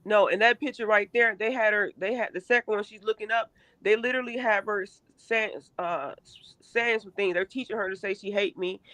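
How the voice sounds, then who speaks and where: A middle-aged woman giving an emotional first-person account in an interview, halting and repeating herself with emphasis. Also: mid-range voice, a bit bright, no room sound. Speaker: interview guest, mother.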